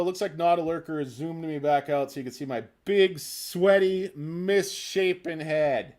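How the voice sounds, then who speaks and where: A man's voice: on the high side, steady tone, a little slow, few pauses, darkish tone. A middle-aged man hosting a stock livestream, rambling and ranting with self-deprecating jokes. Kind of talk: casual rambling livestream chat.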